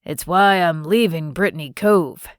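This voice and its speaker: A woman narrator voicing a gentle, grieving old man near eighty who talks in a slow, wistful way. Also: fairly low pitch, smooth, dry recording, clean studio sound, close to an everyday voice. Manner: slow, wistful, fond teasing.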